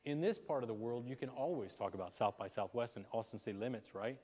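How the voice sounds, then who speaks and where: A man gives a talk at a chamber of commerce meeting, keeping it energetic and conversational and throwing questions at the crowd. His voice sits in the middle range. It rings with a long hall reverb. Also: medium pitch, quick pace. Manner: energetic, chatty, asks the audience questions. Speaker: networking presenter. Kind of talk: live presentation to a small audience.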